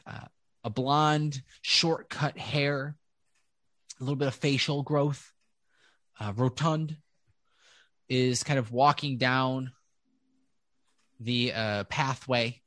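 A man running a tabletop game as game master, narrating casually with halting pauses. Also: mid-range voice, fairly even intonation, a bit bright, no echo.

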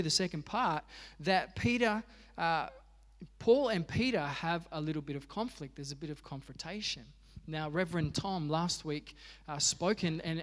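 A man's voice: a little high, big-room sound. An Australian man preaching a sermon as pastor, telling stories with humor and animation. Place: church.

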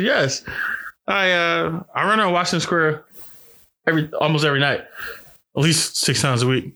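Animated, bright-toned male podcast host. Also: on the high side, moderate pace, pauses often. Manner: animated storyteller with profanity and frequent restarts. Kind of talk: casual podcast chat.

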